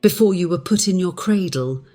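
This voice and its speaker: A man narrator puts on a blunt middle-aged woman servant for a storybook reading, her voice pitched well up. She snaps out brusque, scolding retorts with no patience for sentiment. Soft music plays behind. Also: animated, normal speed. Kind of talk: audiobook character voice.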